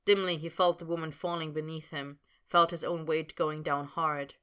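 Woman narrator, low and bright, steady scripted audiobook reading. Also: moderate pace, clean tone.

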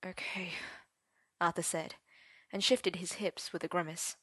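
A woman's voice: on the low side, steady tone, moderate pace, fairly bright tone, breathy edge, dry recording. Woman reading a story, dry and intimate. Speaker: story reader. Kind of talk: expressive story narration.

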